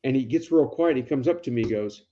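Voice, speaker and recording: A man's voice: medium pitch, expressive, quick pace, dark tone, dull audio, a little hiss or hum. A man co-hosting a podcast who tells casual, profane stories and acts out the dialogue. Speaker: podcast co-host. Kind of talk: casual storytelling chat.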